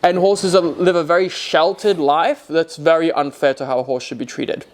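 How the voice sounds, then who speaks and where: A young man with an Australian accent that has drifted toward American, talking in a casual Q&A. His voice sits a little high, and it jumps up sharply when something frustrates him. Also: moderate pace, a little hiss or hum. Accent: Australian, softened toward American. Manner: animated, rises sharply in pitch when frustrated. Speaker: co-host of a horse channel Q&A. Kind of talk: casual chat.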